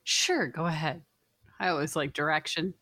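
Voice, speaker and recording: Brief: wry, salty woman co-host with a slightly low voice, dry studio mic. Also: moderate pace, pushed and bright, no echo. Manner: wry, swears freely. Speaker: podcast co-host. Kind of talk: casual comedic chat.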